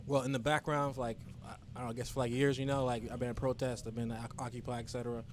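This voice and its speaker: A man's voice: medium pitch, little pitch movement, racing, a little hiss or hum. A man who is a guest on a casual podcast, talking about organizing music events, rambling with restarts.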